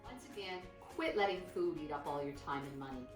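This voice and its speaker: A woman's voice: sits low, lively intonation, fairly quick, roomy sound, recorded from a distance, over music. A woman hosting a cooking show, chatting her way through plating a meal and praising how it looks. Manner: chatty, warmly enthusiastic, repeats "nice" and "beautiful". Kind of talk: cooking demonstration. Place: kitchen.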